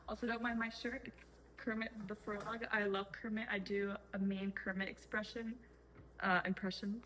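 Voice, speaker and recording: Bright-voiced young woman chatting casually. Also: mid-range voice, a little hiss or hum, rough recording. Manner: rambling, chatty, frequent fillers and self-corrections. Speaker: vlogger. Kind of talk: unscripted casual chat. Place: home, making tea.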